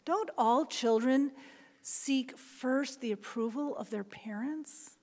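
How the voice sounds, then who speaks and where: Slow, soft-spoken woman preaching a sermon. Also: high voice. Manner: earnest, shifting between soft whispers and raised emphasis. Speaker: pastor. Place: church sanctuary. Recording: long reverb of a large church hall.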